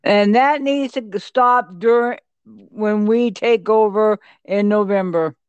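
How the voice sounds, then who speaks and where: A woman's voice: medium pitch, slow pace, a little mellow, clear, resonant tone, no echo, dull audio. A woman co-hosting a podcast, mostly agreeing in short replies and adding firm remarks. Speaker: podcast co-host. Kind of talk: podcast discussion.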